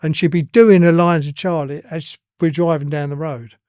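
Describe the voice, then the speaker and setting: Give me an older man with an East London accent, a fairly high voice, telling earthy stories bluntly. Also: steady tone, normal speed, darkish tone, no echo, clean studio sound. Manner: blunt and earthy, swears freely. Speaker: guest. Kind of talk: casual storytelling.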